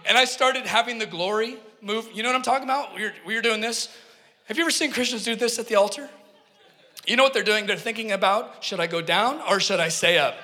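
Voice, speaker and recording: A man preaching with a high, ringing voice, earnest and emphatic, and he often turns to the congregation with a joke. The sound carries a long reverb from a church hall. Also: fairly quick, pushed and bright. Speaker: pastor. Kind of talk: sermon with personal storytelling.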